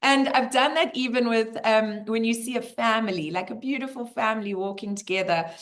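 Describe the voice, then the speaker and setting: Woman, middle-aged teacher, casual Q&A, lively storyteller who plays the quotes out. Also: fairly high pitch, a little fast. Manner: animated storyteller who acts out the voices she quotes. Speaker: teacher hosting a community Q&A. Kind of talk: casual community Q&A talk.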